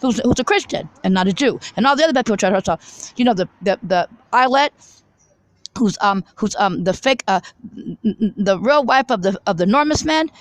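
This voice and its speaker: A woman's voice: medium pitch, expressive, fairly quick, dry recording, poor audio. A woman giving a rambling, fervent monologue to her viewers from a coffee shop, with many restarts and stammered repeats. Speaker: vlogger.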